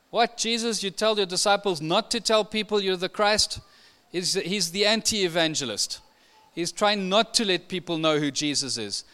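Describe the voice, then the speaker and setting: A man preaching a sermon, expressive and emphatic, his voice lifting when he quotes scripture. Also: high-pitched, clean tone.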